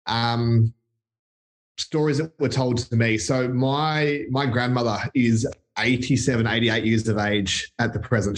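An Australian man with a mid-range voice talks as a podcast guest. He is relaxed and reflective, often pausing with a soft "um" as he gathers his thoughts. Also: mid-range voice. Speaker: company CEO, guest. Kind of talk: casual interview chat.

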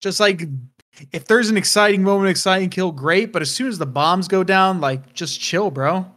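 A man with a notably high voice co-hosts a casual esports podcast. He makes emphatic, preachy points and swears for emphasis. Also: moderate pace, fairly bright tone. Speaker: podcast co-host.

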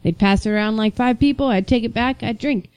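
A young woman in casual chat, lively and a bit higher-pitched than most. She tells stories and puts on the voices of the people in them. Her voice is recorded close and dry, with no room sound. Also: a little fast, clear, resonant tone, dry recording. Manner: animated storyteller, acts out quoted voices.

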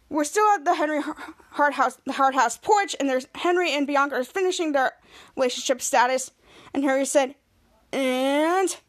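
A woman podcast host giving a casual, animated recap of a TV episode and acting out the characters' quoted lines. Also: high voice.

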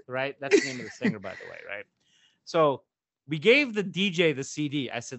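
A man co-hosting a podcast, telling a story in casual chat, profane and animated, acting out what people said. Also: mid-range voice, fairly quick, vocal fry, noisy background. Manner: profane, animated, acts out quotes. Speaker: podcast co-host.

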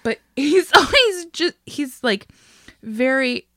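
A woman's voice: sits high, very animated, slow, a bit bright, no echo, clean studio sound. A woman co-hosting a podcast, telling a story in casual chat, laughing often and swearing freely. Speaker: podcast co-host.

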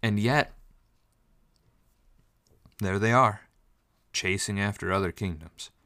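In this Bible study sermon, a preacher with a very deep voice and a sharp tone reads verses slowly and then explains them in plain terms, stressing key phrases. The sound is close and dry, with no echo.

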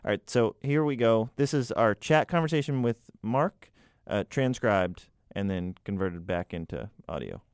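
A man's voice: on the low side, expressive, normal speed, few pauses, clear, resonant tone, no echo, clean studio sound. A man hosting a radio advice show, chatting casually in a playful, joking way. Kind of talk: casual chat.

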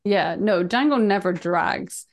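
A woman with a slightly low voice co-hosts a movie podcast. She talks in a relaxed, agreeable way, chatting casually about films and her streaming. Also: measured pace, vocal fry. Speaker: podcast co-host. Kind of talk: casual chat.

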